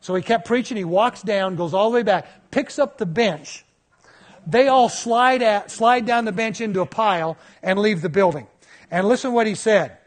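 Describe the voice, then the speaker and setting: A man in his fifties preaching a sermon, telling stories in a lively way. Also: high-pitched, moderate pace. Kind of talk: sermon storytelling.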